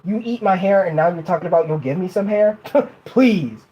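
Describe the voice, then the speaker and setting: A woman speaks in a lowish, warm voice while hosting a casual livestream from her bed. She's halting, often stopping to begin sentences again, and giggles between lines; the audio is dull.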